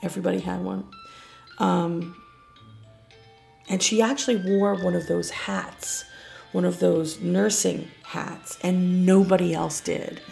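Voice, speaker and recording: A woman telling a first-person story on a podcast in a hushed, earnest way, sometimes dropping almost to a whisper. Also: fairly low pitch, fairly even intonation, slow pace, soft background music. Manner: gravelly, hushed, drops to a whisper at tense moments. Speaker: guest storyteller.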